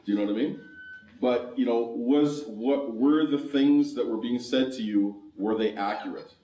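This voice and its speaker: A man's voice: mid-range voice, moderate pace, mellow. A man from Canada leading a conference workshop, laughing often and asking the audience questions. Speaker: conference speaker. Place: conference hall. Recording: roomy hall, mic far off.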